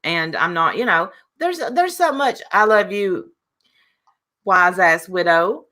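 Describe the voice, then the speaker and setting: A woman's voice: on the low side, lively intonation, slow pace, sharp tone. A woman hosting a live call-in stream, talking casually and bluntly, rambling with restarts and fillers. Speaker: live show host.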